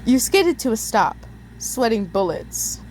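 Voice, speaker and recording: A woman's voice: fairly high pitch, big pitch swings, measured pace, a little mellow, a little hiss or hum. A young woman reading second-person fan fiction aloud in a casual way, stumbling and laughing at her own slips. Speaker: story reader.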